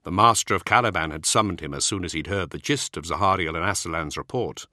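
A man narrating an audiobook in a steady, expressive scripted reading. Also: low voice, fast, dry recording, clean studio sound.

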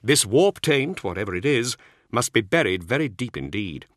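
Man doing cool scholarly monk, dry wit, bright tone, dry close sound. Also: on the low side, sing-song, normal speed, no echo. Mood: reasoning.

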